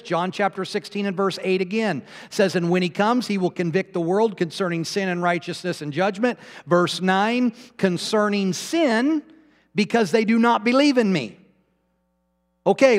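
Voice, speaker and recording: A man preaching a sermon as pastor, emphatic and self-deprecating with bits of humor. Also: sits high. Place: church sanctuary. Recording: long reverb in a hall.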